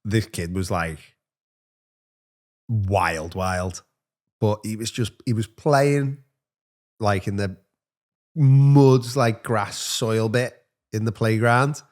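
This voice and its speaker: A man who teaches, co-hosting a podcast in casual chat and telling school stories with lively acted-out quotes. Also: on the low side, takes it slowly, pauses often. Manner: animated storyteller who acts out voices in his anecdotes.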